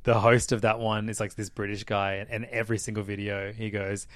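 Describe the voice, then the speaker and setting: A man's voice: fairly low pitch, level tone, a little fast, a bit bright, dry recording, clean studio sound. A man hosting a casual podcast, joking around with loose fillers. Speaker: podcast host. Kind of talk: casual chat.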